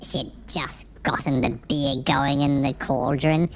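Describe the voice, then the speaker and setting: A gravelly old village drunk, as a man puts him on, rambling in a slow, folksy drawl. The voice sits higher than the performer's own and crawls along at a sluggish pace, thick with rustic turns of phrase. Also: fairly even intonation, background noise.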